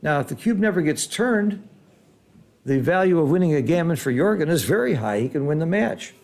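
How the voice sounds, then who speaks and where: This middle-aged man talks briskly in a fairly high voice while commentating live backgammon, exclaiming at rolls and then explaining strategy calmly, teacher-style.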